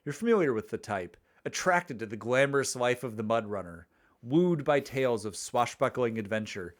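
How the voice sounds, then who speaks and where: Streamer: a playful man reading his game's narration, very animated pitch. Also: normal speed. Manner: playful, rambling with restarts. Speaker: streamer and game author. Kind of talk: reading game narration and casual chat.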